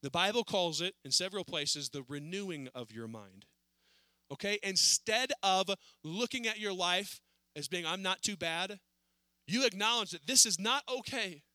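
A man preaching a sermon in a church service, earnest, rising to pleading and then dropping low. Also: lively intonation, normal speed, sharp tone, dry recording.

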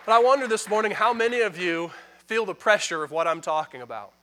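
High, bright-voiced preaching man. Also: lively intonation, a faint crowd. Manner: emphatic preaching that swings from quick asides to loud pronouncements; addresses the congregation directly and calls for responses. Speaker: pastor. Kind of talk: sermon.

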